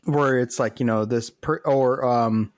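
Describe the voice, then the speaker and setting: A man's voice: medium pitch, fairly even intonation, unhurried, no echo. A man in his forties co-hosting a podcast in casual chat, often hesitating and searching for words. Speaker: podcast co-host.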